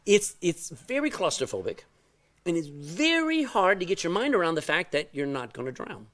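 A middle-aged man delivering a sermon in an animated storytelling way. His fairly high voice rises and falls widely, jumping from loud outbursts to hushed asides. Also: moderate pace. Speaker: pastor.

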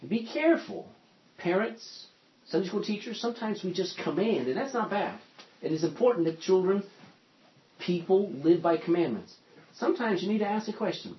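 A man's voice: sits high, animated, normal speed, slightly rough. A man teaching a Bible study class, reading scripture aloud and putting questions to his listeners. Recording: dull lo-fi sound.

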